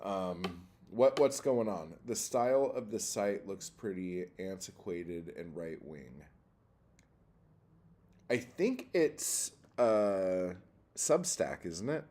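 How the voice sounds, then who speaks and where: A man hosting a poetry livestream, ranting in a profane, exasperated way, jumping from loud outbursts to low muttering. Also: animated, slow pace.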